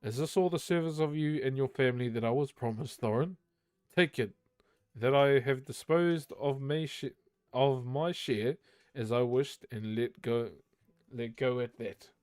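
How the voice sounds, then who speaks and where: Brief: a prim, anxious hobbit, read aloud by a man, quick and fussy. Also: medium pitch, darkish tone, smooth, no room sound, close to an everyday voice. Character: fussy, nervous small male hobbit.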